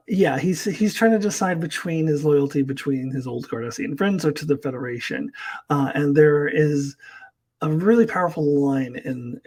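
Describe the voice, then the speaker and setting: Husky-voiced man reviewing TV episodes. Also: on the high side, a little mellow, poor audio. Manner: rambling, frequent fillers and laughter. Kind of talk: casual spoken review.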